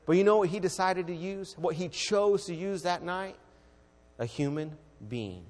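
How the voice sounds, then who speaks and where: A man with a high-pitched voice preaches an evening church sermon, pressing hard on his points before dropping into a hushed, quiet delivery. His voice rings out with a long reverb from the church hall around him. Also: lively intonation, moderate pace. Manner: fervent, swings between loud exhortation and hushed quiet.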